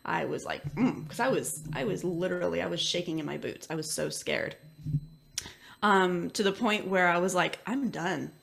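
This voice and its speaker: A woman's voice: fairly low pitch, moderate pace, vocal fry, fairly bright tone. A woman who is an intuitive medium, telling a personal story casually with many filler words. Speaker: intuitive medium, interview guest.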